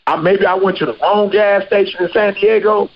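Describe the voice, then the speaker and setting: A man hosting a podcast in casual chat, a slangy, animated storyteller. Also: high voice, moderate pace, dull audio. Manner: slangy, animated storyteller who acts out quotes. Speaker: podcast host.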